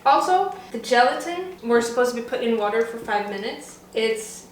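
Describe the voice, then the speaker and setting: A woman's voice: fairly high pitch, expressive, normal speed. A young woman, talking casually and joking at her own expense while she bakes at home. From Sweden. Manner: rambling, playful and self-mocking. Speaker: home baking vlogger. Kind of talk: casual chat while cooking. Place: home kitchen. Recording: roomy kitchen with background noise.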